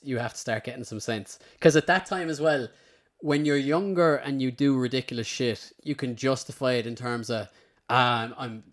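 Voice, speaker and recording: A man's voice: mid-range voice, a bit bright. A man, a podcast guest telling a rambling story in casual chat, swearing freely and muttering his own past remarks under his breath.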